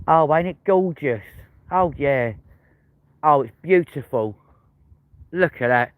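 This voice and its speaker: A male host streams live while walking windy city streets at night, trading cheeky, profane banter with his chat. His expressive voice sits on the high side, slow with long pauses and no room sound, heard through tinny phone audio amid heavy street noise.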